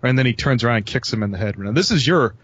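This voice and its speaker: A man's voice: medium pitch, expressive, rapid-fire, husky, lo-fi sound. A man giving joking, wry advice in a casual group call.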